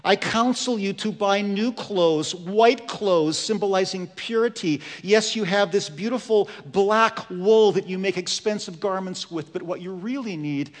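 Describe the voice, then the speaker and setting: A man's voice: a little high, fairly even intonation, a little slow, few pauses, a bit bright, big-room sound. A man voicing Jesus as a loving figure who urges and pleads with his church, raised and emphatic. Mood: urging.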